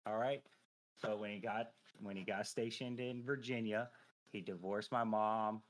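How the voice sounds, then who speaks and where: This thirty-something man, a regular podcast guest, recounts something from his own life in relaxed talk that's profane, lively, and full of fillers. He speaks at a measured pace in a lower-leaning voice.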